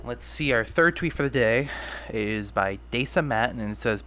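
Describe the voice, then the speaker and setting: Hosting his own podcast solo, a young guy talks in a loose, self-mocking ramble and frequently starts sentences over. His mid-range voice is bright and forceful, with lively intonation at a moderate pace.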